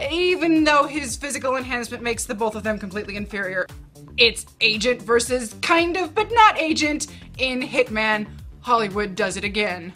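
A woman's voice: sits high, sharp tone. A woman co-hosting a casual movie review, delivering blunt, sarcastic critique.

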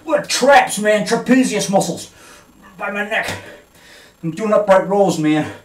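A man in a casual home video, talking loudly and boastfully in a goofy, joking way. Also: high voice, expressive, unhurried, reverberant, a little hiss or hum. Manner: boastful, loud and goofy, jokey. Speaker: vlogger.

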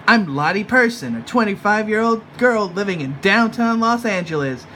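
A smug young fashion blogger girl, brightly self-satisfied and sing-song, as a man mockingly puts her on. The voice sits a bit higher, with a sharp, forceful edge. It sounds like a parody read aloud from a comic. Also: animated, moderate pace, a little hiss or hum.

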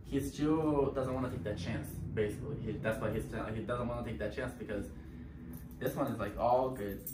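Male dog trainer, mid-pitched, talking in short bursts; off-mic in an echoey room with clear background noise. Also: brisk, recorded from a distance. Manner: talks in short bursts, breaking off to give the dog commands. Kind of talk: explaining while training a dog.

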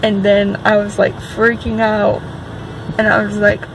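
A woman's voice: mid-range voice, a little slow, vocal fry. Rambling woman vlogging from a noisy car. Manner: rambling and excitable, many "like" fillers. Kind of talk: casual chatty vlog. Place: parked car outside a store. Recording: car and air-conditioning noise.

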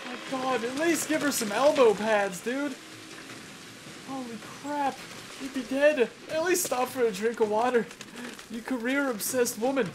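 A gamer narrating a first-look playthrough, excitable and jokey, yelping and swearing at every scare. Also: high voice, unhurried, noisy background. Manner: jokey running banter with the viewer. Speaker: gameplay commentator. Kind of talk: let's-play commentary. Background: game music.

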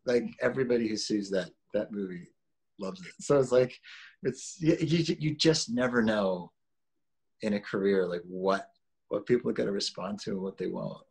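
Husky low-voiced man chatting. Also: normal speed. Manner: relaxed, rambling with restarts and laughs. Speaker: actor guest. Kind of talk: casual interview chat.

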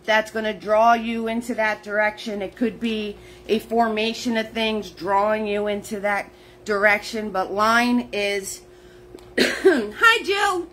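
A woman's voice: on the high side, fairly bright tone, a little hiss or hum, low-quality recording. A woman hosting a live painting lesson, chatty and laughing often, greeting viewers by name as she explains terms. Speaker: painting class host.

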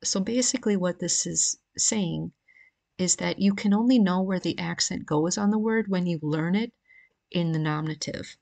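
Woman lecturer, low gravelly voice, patient and explanatory, home-recorded lesson. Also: normal speed, darkish tone. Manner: patient, explanatory, reading from a grammar. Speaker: Greek grammar teacher. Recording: questionable home audio.

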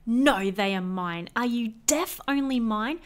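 A woman voicing a greedy, selfish male pug dog who grumbles and shouts in a storybook reading. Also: a little high, expressive, measured pace. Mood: grumbling.

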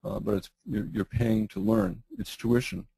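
A middle-aged man, losing his voice and clearing his throat, answering webinar questions in a halting way with many fillers and restarts. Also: medium pitch, big pitch swings, mellow, slight background noise, low-quality recording. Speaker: guest trading educator.

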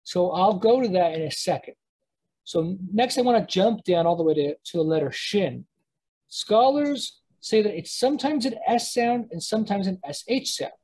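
Husky voice teaching in a casual ramble. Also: medium pitch, expressive, normal speed, darkish tone, rough recording. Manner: rambling, many fillers and restarts; explains by thinking aloud. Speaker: language teacher. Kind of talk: casual spoken lesson.

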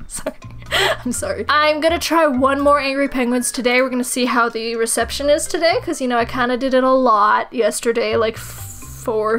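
High-voiced sarcastic woman gamer. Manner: animated and sarcastic, swings into high squeals and swearing. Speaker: gaming commentator. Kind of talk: let's play commentary.

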